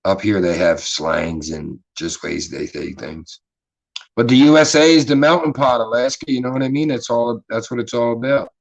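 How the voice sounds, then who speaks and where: A man's voice: medium pitch, animated, moderate pace, creaky, low-quality recording. A man with a Philadelphia accent hosting a casual livestream chat, rambling and swearing freely in a laid-back way. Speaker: livestream host.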